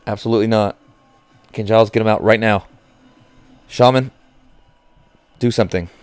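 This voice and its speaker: A man reacting live to a baseball game as a nervous fan, cursing, groaning and pleading with the pitcher. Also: fairly even intonation, moderate pace, no echo, faint music behind. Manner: anxious, profane, swings from groans to outbursts.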